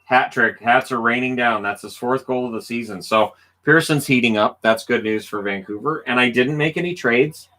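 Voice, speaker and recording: A man's voice: mid-range voice, moderate pace, few pauses, bright, forceful tone, a little hiss or hum. A middle-aged man hosting a casual livestream, talking in an easygoing, rambling way with frequent ums while playing a hockey video game. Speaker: livestream host.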